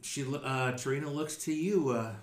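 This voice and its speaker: A man's voice: mid-range voice, moderate pace, roomy sound. A man running a tabletop game as game master, narrating casually with fillers. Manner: casual, rambling with fillers, laughs often.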